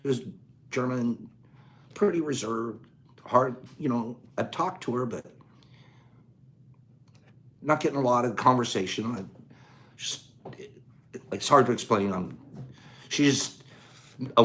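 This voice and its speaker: A man's voice: mid-range voice, slow, pauses often. A man hosting a casual talk show, telling a funny story in a rambling way and laughing as he goes. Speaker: host.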